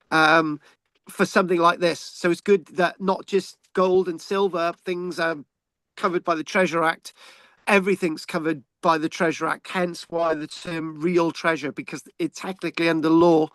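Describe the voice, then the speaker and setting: A man from England talks through the news in a loose, rambling way, stumbling over repeated words and filling gaps with ums. His voice sits a little high for a man, and the sound is close and dry. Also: flat delivery, moderate pace, fairly bright tone, no echo. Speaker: history channel host. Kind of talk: casual talk over news clips.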